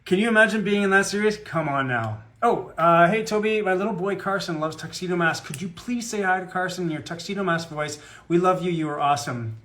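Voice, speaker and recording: A man talks through a live fan Q&A, rambling from point to point and cracking self-deprecating jokes. His voice sits slightly high for a man and carries an easy, conversational tone. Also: fairly quick, few pauses, a bit bright. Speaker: guest voice actor at a fan autograph Q&A. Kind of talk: casual live-stream chat.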